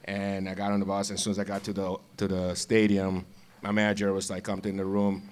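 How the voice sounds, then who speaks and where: A man's voice: low-pitched, monotone, fast talker, smooth. A man, a former ballplayer, casually telling stories with frequent laughs and repeated words. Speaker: guest, former baseball player. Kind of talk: casual storytelling.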